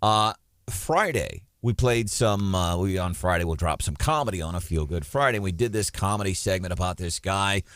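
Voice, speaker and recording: A man's voice: low voice, normal speed, dry recording, studio quality. Opinionated radio host man. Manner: opinionated, animated, takes calls. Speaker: radio talk show host. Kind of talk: talk radio commentary. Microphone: studio microphone.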